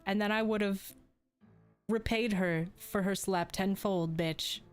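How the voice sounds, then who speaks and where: A woman's voice: mid-range voice, fairly even intonation, a little slow, faint music behind. A young adult woman streamer telling crude jokes and stories in casual chat. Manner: crude, joking storytelling, laughs often.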